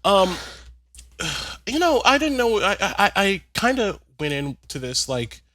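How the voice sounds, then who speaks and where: Male podcast co-host, bright and sharp-toned, sassy, quick with asides. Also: sits high, sing-song, dry recording. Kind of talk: casual podcast chat.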